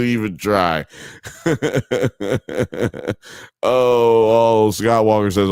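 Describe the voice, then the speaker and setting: A man's voice: mid-range voice, takes it slowly, clear, resonant tone, no room sound. A man hosting a live stream, reading chat comments aloud in a casual, joking way with frequent laughter and swearing. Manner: animated, laughing, mock accents, swearing.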